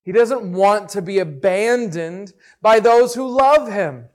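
Man, high voice, slow unhurried delivery, earnest preaching, emphatic repetition. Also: darkish tone. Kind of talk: devotional Bible teaching.

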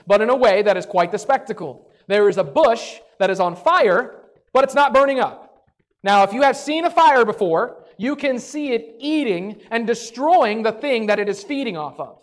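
Brief: male preacher, animated storyteller who acts out the scene. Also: extremely high pitch. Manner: animated storytelling with acted asides. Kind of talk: sermon.

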